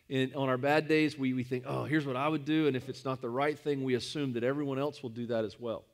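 A male pastor giving a sermon in a conversational, storytelling manner, weaving a personal anecdote into his teaching. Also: mid-range voice.

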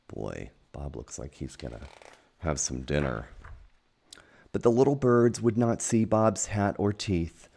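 A man reading a children's picture book aloud at home, gentle and unhurried, pausing to point out the pictures. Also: deep voice, expressive, gravelly. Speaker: storytime reader. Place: at home with a dog.

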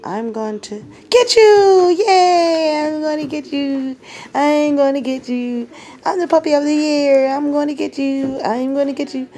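Lady doing a squeaky loud clumsy puppy voice, bragging, dragging out words. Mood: excited. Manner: squealing, drawn-out, boastful. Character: excited clumsy male puppy, playful.

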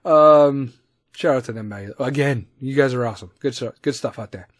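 A man's voice: medium pitch, normal speed, dry recording, clean studio sound. Profane Chicago guy rambling on a podcast. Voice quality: loose, rambling, swears a lot, laughs at himself. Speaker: podcast host. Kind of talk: casual profane monologue.

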